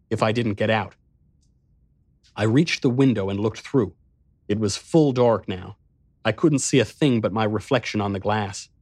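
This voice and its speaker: A man reading a first-person suspense story aloud, tense and measured. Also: mid-range voice, no echo, studio quality. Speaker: narrator. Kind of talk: first-person audiobook narration.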